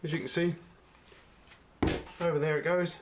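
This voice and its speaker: A middle-aged man with a slightly raised voice reviews a knife in a relaxed, unhurried way. He keeps turning to his viewers with friendly asides. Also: fairly high pitch, noisy background. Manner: chatty, unhurried, addresses viewers as guys. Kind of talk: casual product review.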